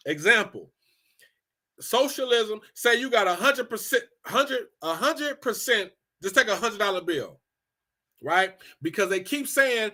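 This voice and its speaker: A man from Los Angeles with a high, sharp voice holds forth in a casual rant. He is blunt and profane, and he repeats himself for emphasis. His tone is animated and forceful throughout. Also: takes it slowly, long pauses. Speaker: commentator.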